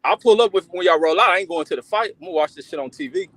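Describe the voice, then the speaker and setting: A man who commentates boxing, chatting in an excitable, profane, slangy way. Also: high voice, very fast, no room sound. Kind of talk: casual chat.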